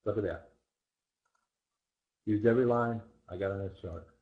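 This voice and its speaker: Animated man teaching a trading seminar. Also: on the low side, normal speed, narrow, tinny audio. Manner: animated, rhetorical questions, repeats phrases. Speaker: trading instructor. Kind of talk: live seminar chart walkthrough.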